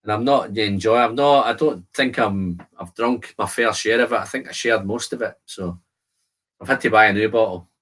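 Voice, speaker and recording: A man's voice: on the low side, moderate pace, fairly bright tone. A man hosting a casual whisky live stream, chatting to viewers, answering their comments and describing the whisky he tastes. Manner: describes whisky aromas while tasting. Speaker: whisky channel host.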